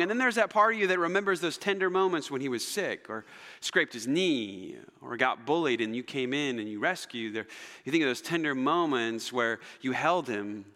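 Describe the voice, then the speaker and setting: Animated preacher in a reverberant hall. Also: male voice, mid-range voice, moderate pace. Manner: animated, dramatic storytelling with shifts between loud and soft. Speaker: pastor. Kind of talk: sermon.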